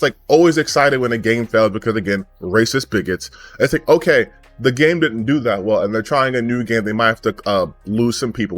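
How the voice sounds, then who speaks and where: A man's voice: medium pitch, a bit bright, dry recording. A man giving a heated, profane commentary rant, angry and sarcastic. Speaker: gaming commentary YouTuber.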